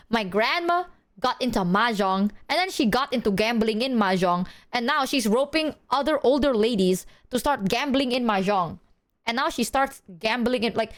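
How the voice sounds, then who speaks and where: A woman streamer chatting casually to her audience, telling stories in an animated way and swearing often. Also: a little high. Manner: animated storytelling, heavy swearing. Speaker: live streamer.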